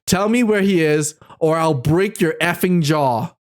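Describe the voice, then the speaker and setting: A man reading as a cruel dark lord. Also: a little high, measured pace, pitched below the performer's own voice, natural voice. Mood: menacing. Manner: menacing, read aloud from a script. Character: cruel male dark lord cult leader.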